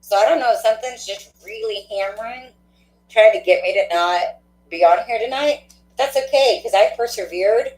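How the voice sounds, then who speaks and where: A woman hosting a spiritual card-reading livestream, chatting warmly and laughing often, with a stuffy nose. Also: medium pitch, moderate pace, a little hiss or hum. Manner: affectionate, chatty, laughs often, many fillers. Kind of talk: casual livestream sign-off chat. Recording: echoey room.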